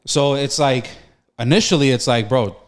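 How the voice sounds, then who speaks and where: Young male podcast co-host, mid-pitched, rambling and heartfelt, casual slangy talk. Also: moderate pace, a little hiss or hum. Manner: rambling, emotional, lots of restarts and slang. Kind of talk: casual chat.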